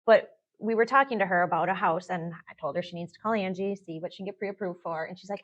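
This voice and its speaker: A woman's voice: on the low side, fast, few pauses, muffled recording. A middle-aged woman co-hosting a real estate podcast, telling candid, self-deprecating stories in casual chat.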